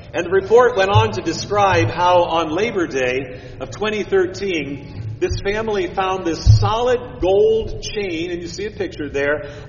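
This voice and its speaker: A male pastor preaching a sermon, shifting from hushed, quiet phrases to emphatic, lifted ones. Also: on the high side. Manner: expressive, swings from hushed to emphatic. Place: church sanctuary. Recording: echoey church hall from far off, dull sound, faint hiss.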